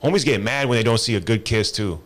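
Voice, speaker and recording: Man in his 30s, low voice, slangy laid-back podcast talk. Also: quick pace. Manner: loose slangy talk, lots of "bro". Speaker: comedian guest. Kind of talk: casual podcast chat.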